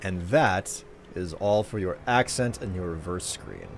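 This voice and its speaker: A man's voice: deep voice, animated, unhurried, gravelly, a little hiss or hum. A male streamer talking casually to his chat while gaming, rambling and friendly toward viewers. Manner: rambling, chatty, warmly addresses viewers.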